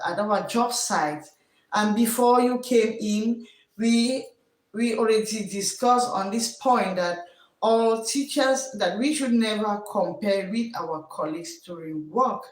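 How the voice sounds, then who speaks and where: A woman's voice: mid-range voice, distant mic. Woman, West African English accent, teacher, live-stream host, repeats herself, echoey room. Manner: warm greetings to viewers, repeats words, preachy encouragement. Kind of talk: casual live-stream talk.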